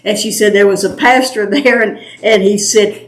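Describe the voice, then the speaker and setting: A woman's voice: medium pitch, steady tone, moderate pace. A woman with an East Tennessee Southern accent leading a small group Bible study, chatty and patient, laughing easily. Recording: roomy home recording.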